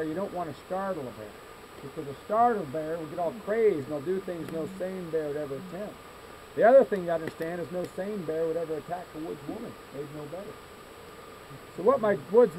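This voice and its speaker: A man telling folksy tall tales to a scout troop, with deadpan exaggeration and asides to his listeners, recorded outdoors in a meadow. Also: high-pitched. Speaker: campfire storyteller for a scout troop. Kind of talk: folksy tall-tale storytelling. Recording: outdoor recording with loud insects and traffic.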